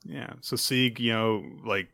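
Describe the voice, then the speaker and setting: A man co-hosting a podcast, recapping manga in casual chat and jumping into quick put-on voices for the characters. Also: medium pitch, vocal fry, sharp tone. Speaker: podcast co-host.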